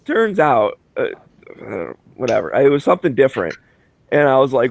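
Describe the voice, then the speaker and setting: A man's voice: mid-range voice, a little fast, creaky, dry recording. A man chatting casually with friends, his voice leaping up and down as he acts out both sides of a story. He swears freely and rambles with fillers. The sound is dry and close. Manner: profane, animated storyteller who acts out voices. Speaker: show host. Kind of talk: casual chat.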